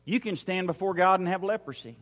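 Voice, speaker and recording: Before a crowd in a large church hall, a pastor preaches briskly in a high, fairly bright voice that trails off in long reverb. He builds his points with a repetitive preaching cadence and acts out the lines he quotes.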